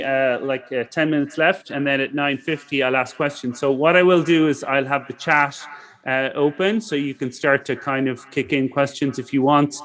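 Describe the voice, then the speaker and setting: A man's voice: mid-range voice, a bit bright. Chatty middle-aged man giving an online lecture. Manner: loose and conversational, peppered with "you know" and self-corrections. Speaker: guest lecturer at a startup bootcamp. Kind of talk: online lecture to startup founders.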